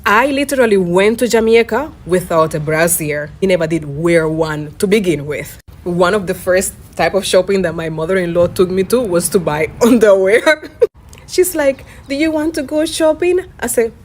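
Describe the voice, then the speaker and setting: A woman from Cuba with a somewhat low voice talks in a candid, anecdotal way. Her storytelling is relaxed and conversational. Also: moderate pace. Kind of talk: casual storytelling.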